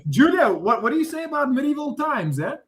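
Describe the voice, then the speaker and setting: High-voiced guy hyping his mate up, super lively, says yeah yeah yeah a lot. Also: fairly quick, a crowd in the background. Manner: enthusiastic, encouraging, repeating words. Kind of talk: casual banter.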